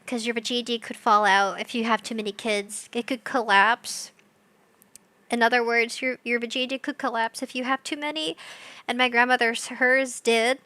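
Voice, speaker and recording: A young woman chats on a live stream in a giggly, scatterbrained rush. Her voice sits high and sounds bright and sharp. She is recorded close and dry, with no room around her. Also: no echo. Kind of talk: casual live-stream chat.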